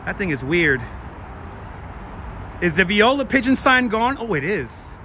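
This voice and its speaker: A livestream host walks city streets outdoors, chatting casually and thanking viewers for donations. His high voice swings widely in pitch with a sharp tone at a measured pace, picked up by a wireless clip-on mic with his phone on a gimbal and slight background noise.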